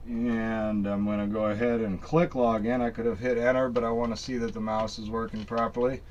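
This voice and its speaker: A man's voice: lowish voice, level tone, a little fast, a little mellow, highs cut off, a little hiss or hum. A man casually talking through a screen-recorded tech walkthrough, rambling and folksy, full of fillers and restarts. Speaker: tech tutorial maker.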